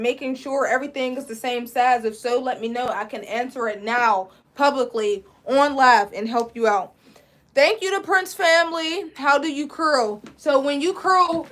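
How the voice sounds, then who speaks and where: A woman's voice: high voice, fairly bright tone. A young woman, chatting casually as she teaches a live braiding class and answers viewer questions. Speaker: braiding instructor.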